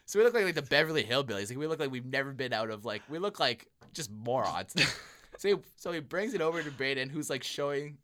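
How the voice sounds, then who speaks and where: A man's voice: medium pitch, fast. A young man hosting a podcast, telling a story casually and acting out the people in it, laughing often. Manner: animated, acts out voices, laughs often. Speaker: podcast host.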